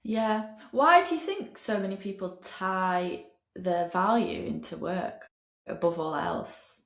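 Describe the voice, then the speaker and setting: A woman's voice: mid-range voice, animated, slow pace. Woman hosting, in a roomy space. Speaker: podcast host. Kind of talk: interview conversation.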